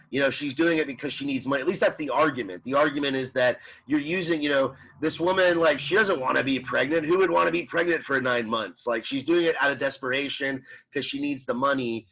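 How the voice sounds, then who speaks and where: A man with a mid-range, slightly bright voice teaches a college ethics class in a casual, rambling way, full of fillers and restarts. He reads out student comments and responds to them. The recording is slightly muffled.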